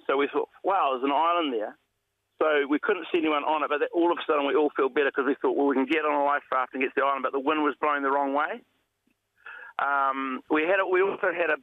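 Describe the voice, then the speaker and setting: A man recounts a shipwreck and rescue over a tinny, phone-like line. His voice sits slightly high for a man and sounds close and dry, with no room around it. He rambles animatedly, stumbling and restarting as he goes. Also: dry recording. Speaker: shipwreck survivor guest. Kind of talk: phone interview storytelling. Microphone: telephone.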